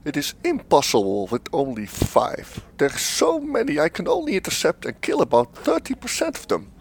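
A man voicing a gung-ho male security chief with an aggressive, gravelly edge. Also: fairly high pitch, huge pitch swings, moderate pace, slight background noise. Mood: eager.

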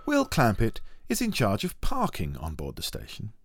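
A man narrates a comedy piece in a deadpan scripted voice. His pitch is mid-level but swings very widely. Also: normal speed, slight background noise.

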